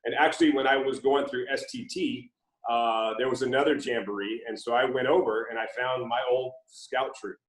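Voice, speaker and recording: A man's voice: mid-range voice, normal speed. Southern-raised veteran man, roomy echo. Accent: faint Southern. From Mississippi. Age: middle-aged. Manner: relaxed storytelling with frequent fillers. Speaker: guest, former Navy SEAL. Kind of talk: casual interview conversation.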